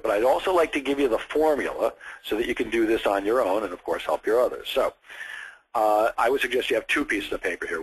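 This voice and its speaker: Male sales trainer, husky, direct, explains step by step, broadcast feel. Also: mid-range voice, rough recording. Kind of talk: coaching session on phone scripts.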